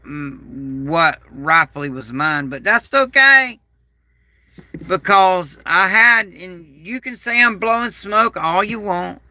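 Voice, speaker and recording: A man's voice: on the high side, pushed and bright, no room sound. A man vlogging a rambling personal monologue, aggrieved and bitter, repeating himself as he talks. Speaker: prepper vlogger.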